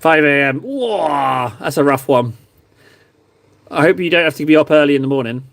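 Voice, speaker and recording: High-voiced, chatty English man. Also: lively intonation, normal speed, creaky, a bit bright, dry recording. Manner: chatty, self-deprecating. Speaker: streamer chatting with viewers while painting miniatures. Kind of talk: casual chat.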